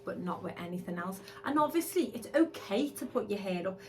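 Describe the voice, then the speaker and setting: A woman, co-hosting a podcast and telling stories excitedly in casual chat. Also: medium pitch, fairly quick, a little hiss or hum. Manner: excitable, animated storytelling. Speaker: podcast co-host, hair extensionist.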